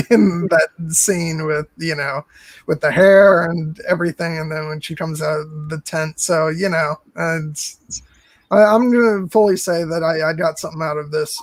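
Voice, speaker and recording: A man's voice: a little high, expressive, measured pace, a bit bright, no echo, poor audio. A man co-hosting a film podcast in casual chat, hesitant and full of fillers and restarts.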